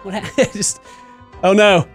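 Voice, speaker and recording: A man giving comedic gameplay commentary, joking around and shouting at game characters. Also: sits high, little pitch movement, takes it slowly. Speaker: gaming channel host. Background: game music.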